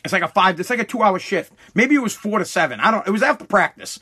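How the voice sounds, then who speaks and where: A man's voice: high-pitched, expressive, fast talker, sharp tone, husky. A man telling a casual story bluntly, full of swearing and restarts. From Massachusetts.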